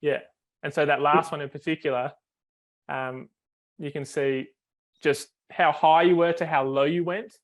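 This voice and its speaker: A man's voice: fairly high pitch, steady tone, a little slow. A man, a foiling coach, explains technique on a video call, step by step, with many fillers and restarts.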